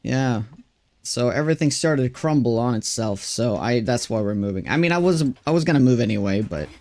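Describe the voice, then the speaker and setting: A man's voice: medium pitch, expressive, brisk, darkish tone. A Swedish-born man, a native Swedish speaker, streaming a game. He talks in casual, frank English with an American-sounding accent and often stammers and restarts his sentences. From Sweden. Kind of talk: casual live-stream chat while gaming.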